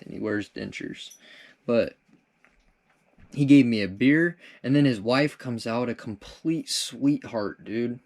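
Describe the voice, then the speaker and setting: A man's voice: medium pitch, a little mellow. A young man hosting a comedic vlog, answering viewer questions in a rambling, laid-back way and tossing in "dude" and casual swearing.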